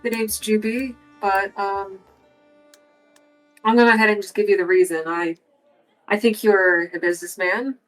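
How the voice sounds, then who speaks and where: A woman's voice: medium pitch, fairly even intonation, normal speed, pauses often, faint music behind, poor audio. A woman playing a tabletop game in a casual, blunt way, swearing and pressing with questions. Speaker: player. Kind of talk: casual tabletop role-play.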